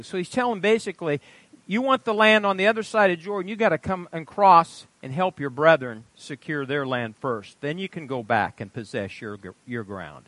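A pastor delivers a sermon and reads scripture aloud emphatically, quizzing the congregation in call-and-response. His slightly high voice moves at a normal speed, shifting between loud proclamation and quiet asides, and the recording is dry.

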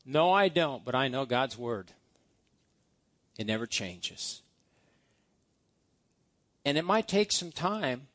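A man's voice: medium pitch, sing-song, slow, pauses often, a bit bright, no echo. A male pastor preaching a sermon, reciting scripture-based blessing prayers with emphasis. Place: church.

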